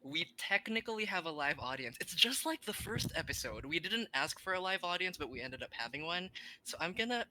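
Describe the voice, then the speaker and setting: Podcast co-host, excitable, loud high laughs, very bright sharp tone, faint noise behind. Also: brisk, poor audio. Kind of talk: casual podcast chat.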